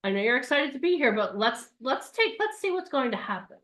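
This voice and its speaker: A woman voicing a laid-back, sensible male monkey who tells others to calm down. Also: high voice, brisk. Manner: relaxed, calming others down.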